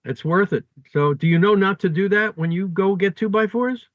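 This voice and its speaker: A man co-hosting a casual podcast, telling stories in an easygoing, conversational way. His voice sits a little high. The recording is dull and lo-fi, dry and close with no room sound. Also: moderate pace, no echo. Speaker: podcast co-host. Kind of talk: casual storytelling chat.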